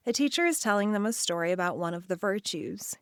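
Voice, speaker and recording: A woman hosting and narrating an imaginative guided story and quiz for children, speaking in an expressive second-person voice. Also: mid-range voice, quick pace, clean tone, dry recording, studio quality. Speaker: children's show host and narrator.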